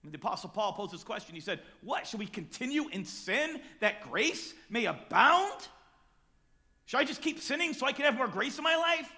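A man preaching a sermon, moving between quiet, close talk and sudden loud, emphatic shouts. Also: very high-pitched, sing-song, normal speed.

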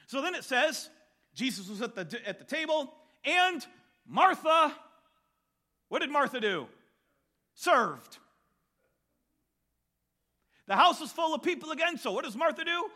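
A man preaching a sermon, telling a Bible story with animated storytelling and acting out the voices of the people in it. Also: extremely high pitch, a little slow, pauses often.

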